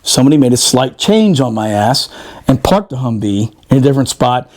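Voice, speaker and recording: A man, a former Marine, telling a profane, animated story on a podcast and laughing often. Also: medium pitch, a little fast. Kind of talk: casual storytelling.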